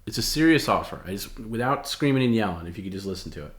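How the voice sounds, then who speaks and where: Calm, coaxing man in a roomy space. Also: on the low side, fast talker. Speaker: co-host reading viewer offers. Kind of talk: stream chat banter. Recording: roomy echo.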